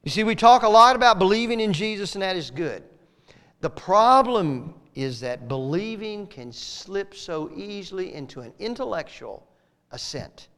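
A male pastor preaching a sermon, swinging from emphatic lines to soft, near-whispered ones. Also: high voice, expressive, moderate pace, long reverb tail.

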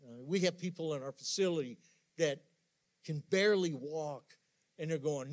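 A man delivering a sermon from the pulpit, his voice pitched a little above the usual. He preaches with emphasis, climbing into loud bursts and then falling back to soft, almost hushed asides. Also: normal speed. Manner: emphatic preaching with sudden soft drops and rising outbursts. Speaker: pastor.

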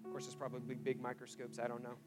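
A man preaching a sermon as pastor, telling stories in an animated way that swings from hushed asides to loud exclamations. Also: mid-range voice, quick pace, music in the background.

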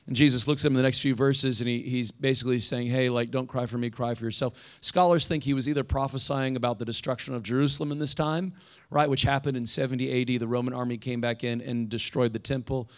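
A man's voice: medium pitch, steady tone, fast. A young adult man, a pastor giving a conversational sermon and reading scripture aloud. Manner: conversational preaching, reads scripture aloud with rising intensity.

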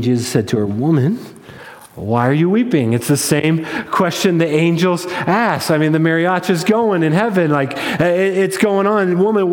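A male pastor preaching in a relaxed, conversational way, often restarting his phrases. His voice sits high for a man, and it rings out with a long echo in a large church hall. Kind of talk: sermon. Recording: echoey hall with long reverb.

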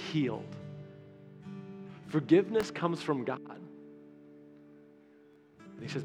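Man preaching in a reverberant hall. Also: fairly high pitch. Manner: conversational, animated storytelling with acted-out quotes. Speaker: pastor. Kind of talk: sermon.

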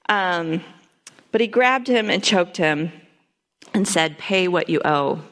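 A woman's voice: lowish voice, slow pace, vocal fry, fairly bright tone. A woman giving a church sermon, reading scripture aloud and then explaining it in plain everyday words with frequent ums. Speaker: lay speaker.

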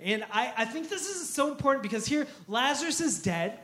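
A man preaching a sermon in a high voice, animated and storytelling. He acts out the quotes and laughs along as he goes. The sound carries the echo of the room. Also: fairly quick. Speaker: pastor.

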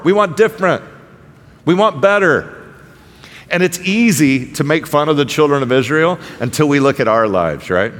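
A man preaching a conversational sermon to a congregation, often checking in with "right?" and acting out quoted voices with sarcasm. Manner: acts out quoted voices with sarcastic rises in pitch. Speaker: pastor. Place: church sanctuary. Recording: hall reverb.

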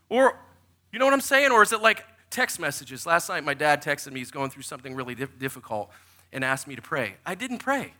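Bright high-voiced male pastor preaching. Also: brisk. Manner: animated, jokey storyteller who acts out quotes. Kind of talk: sermon with personal storytelling.

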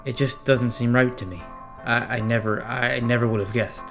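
A man voicing a guilt-ridden male crew chief on a space station in a horror story reading, speaking in a subdued, halting way. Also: medium pitch, fairly even intonation, close to an everyday voice. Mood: somber. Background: music.

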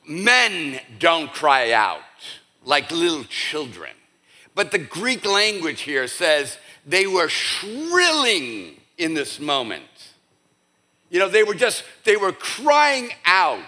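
Middle-aged man, pastor, sermon, bright tone, slightly high voice, conversational, hushed to emphatic. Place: church.

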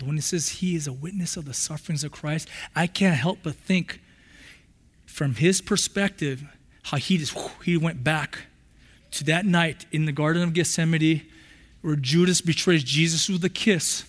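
A male pastor preaches with passion, circling back and repeating his phrases as he builds. His voice sits high for a man. It carries a long reverb from the church hall around him. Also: unhurried. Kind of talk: sermon.

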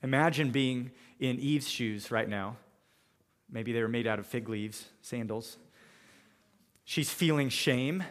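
A man preaches a sermon with expository preaching, quoting verses and paraphrasing the characters' words in plain modern speech. His voice sits at an ordinary middle pitch for a man. The sound carries a long reverb, as if from a large hall. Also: slow pace, pauses often. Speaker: pastor.

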